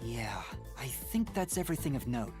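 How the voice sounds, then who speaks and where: An earnest young detective, voiced by a man in a video game, weighing each clue with lively, rising and falling intonation. He speaks carefully over clear game music. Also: mid-range voice, lightly acted. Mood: thoughtful. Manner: careful, thoughtful, measured. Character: earnest young male detective reviewing clues.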